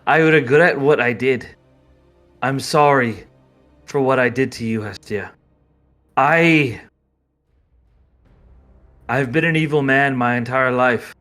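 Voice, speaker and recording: Man doing a repentant aging scientist, tearful confession, ordinary pitch. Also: slow pace, long pauses, a bit bright, faint music behind. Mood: remorseful. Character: remorseful older male scientist, once cruel.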